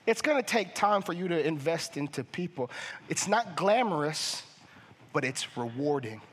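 A young man preaching a sermon as a family ministries pastor, passionate and fervent, often repeating and restarting words as he builds to near shouting. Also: a little high, animated, normal speed. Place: church auditorium. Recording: church hall reverb.

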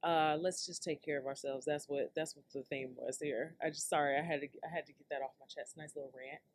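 A woman in her thirties hosts a solo podcast in a loose, unscripted rant. Her voice sits a little low, and she drifts between topics, swears freely and keeps laughing at herself while talking straight to her listeners. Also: fairly even intonation, brisk, slight background noise. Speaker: podcast host.

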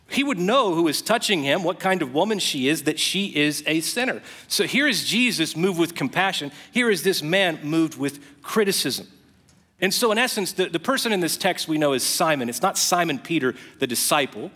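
A man preaching a sermon as pastor, telling stories with animated, emphatic rising phrases. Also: a little high. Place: church auditorium. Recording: long reverb of a large hall.

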